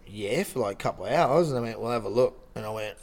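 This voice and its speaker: A middle-aged Australian man telling a casual anecdote with lively acted-out quotes and frequent restarts. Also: lowish voice, fast talker. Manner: animated storytelling, acts out quotes, frequent restarts. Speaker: guest storyteller.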